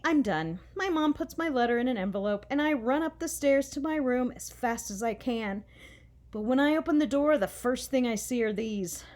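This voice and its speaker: A woman reading a children's chapter book aloud, animated and switching voices for each character. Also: fairly high pitch. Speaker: storybook reader.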